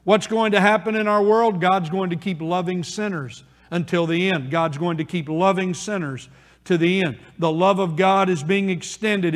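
A male pastor delivers a sermon to his congregation, hammering key phrases through repetition and drawing them out slowly for weight. His voice sits high for a man. The sound carries the long reverb of a church sanctuary. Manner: preaching with emphatic repetition and rising, slowing phrases.

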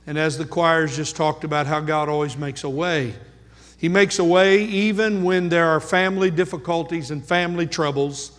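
A high-voiced man preaching from the pulpit, unhurried and deliberate, leaning on each repeated phrase. His voice rings out with a long reverb tail from the church sanctuary. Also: fairly bright tone. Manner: measured, earnest preaching with slow emphatic repetitions. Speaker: pastor. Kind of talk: sermon.

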